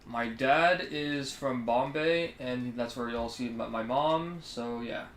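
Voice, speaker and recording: A man with a Canadian English accent chats casually on a live stream, answering his viewers in a friendly, easygoing way. His voice is medium-pitched and fairly bright, and he speaks slowly. The recording sounds roomy, with faint music in the background.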